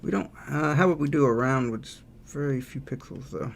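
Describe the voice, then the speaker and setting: A man's voice: medium pitch, normal speed, vocal fry, a little hiss or hum. A man chatting casually on a livestream while he draws, thinking aloud and answering chat. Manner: relaxed, thinking aloud, reads out chat messages. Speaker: game developer streaming live.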